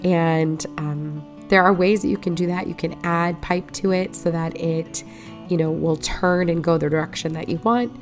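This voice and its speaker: A friendly, chatty woman narrates her home vlog in a casual voice-over, her voice sitting a little low with a just-woken morning roughness. She explains things easily as she goes, with faint music playing softly behind her. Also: steady tone, moderate pace. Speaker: home makeover vlogger. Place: voice-over recorded while editing.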